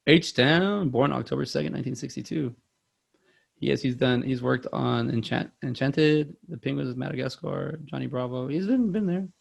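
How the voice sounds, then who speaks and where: A man's voice: mid-range voice, moderate pace, creaky. A man hosting a movie podcast in casual, rambling chat, self-deprecating with many restarts. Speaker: podcast host.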